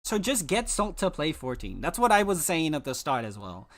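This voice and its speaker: A live streamer talks casually to chat in a mid-range voice with big pitch swings and a moderate pace. The tone is playful and teasing, with mock-dramatic complaints.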